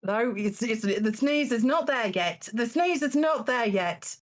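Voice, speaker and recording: Woman, stream host, deadpan teasing delivery, chatty and hesitant. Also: fairly high pitch, unhurried. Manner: dry, teasing, with many ums and restarts. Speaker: host running a charity game show stream. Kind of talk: casual live-stream hosting.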